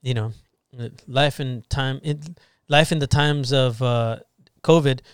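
A man co-hosting a casual podcast, lively and teasing as he explains and jokes. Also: mid-range voice, slow, clean tone, no room sound, clean studio sound. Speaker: podcast co-host. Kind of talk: casual chat.

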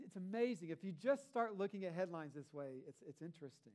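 High-voiced man preaching a sermon. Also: expressive, fairly quick, few pauses, darkish tone. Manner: conversational preaching with rhetorical asides. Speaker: pastor.

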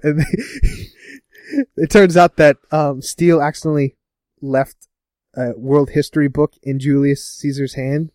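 A man casually recapping a TV episode with a co-host, laughing often and putting on quick voices for the characters. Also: medium pitch, animated, a little mellow, no room sound, clean studio sound. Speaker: podcast co-host.

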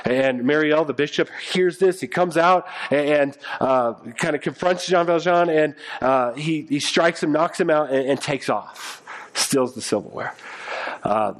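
Male pastor, slightly high voice, casual storytelling sermon with lots of ums and restarts. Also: measured pace. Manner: conversational storytelling with many fillers and restarts.

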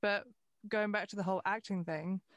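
A woman's voice: mid-range voice, steady tone, brisk. A woman host with a British accent asking questions in a casual, enthusiastic interview chat. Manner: enthusiastic, casual, swears lightly. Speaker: podcast host.

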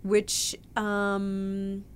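A woman's voice: mid-range voice, monotone, drawn-out words, a little hiss or hum. An Australian woman in a casual interview, telling her story expressively with big swings in emphasis. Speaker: guest actor.

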